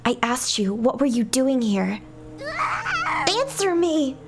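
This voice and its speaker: A woman's voice: high-pitched, expressive, moderate pace, slight background noise. A woman voicing a jealous, possessive girl villain in a game dub, speaking in a scolding, menacing way.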